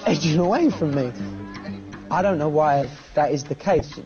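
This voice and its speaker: A man's voice: a little high, animated, normal speed, crowd noise. A man, a pop singer, talking in a cheeky, playful way in an interview. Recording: dull TV audio with music.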